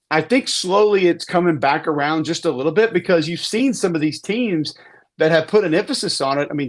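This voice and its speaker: Emphatic man talking football, higher voice. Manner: emphatic, repeats words, restarts sentences. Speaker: football analyst guest. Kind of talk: casual sports podcast talk.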